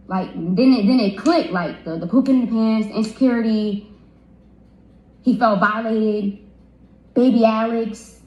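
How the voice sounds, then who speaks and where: A woman's voice: fairly high pitch, measured pace, lo-fi sound. Young woman stuttering through a livestream story. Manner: stutters and repeats words when upset. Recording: roomy echo.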